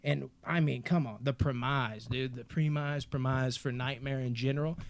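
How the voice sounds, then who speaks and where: A man from Kentucky hosting a casual movie podcast, excitable and profane, calling everyone dude. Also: medium pitch, normal speed. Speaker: podcast host.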